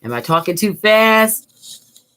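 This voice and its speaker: A woman's voice: medium pitch, animated, slow pace, fairly bright tone, clean tone. Chatty middle-aged woman teaching crafts. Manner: chatty, upbeat, talks to viewers as she works. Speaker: art teacher, channel host. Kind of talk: live-streamed craft tutorial. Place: home craft desk, indoors.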